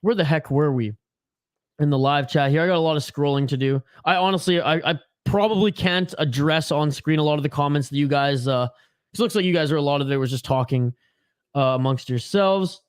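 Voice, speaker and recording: Chatting and ranting with viewers, this man runs a casual hockey watch-along stream with game commentary. His fairly high voice is a little fast, clear and resonant, recorded dry with clean studio sound.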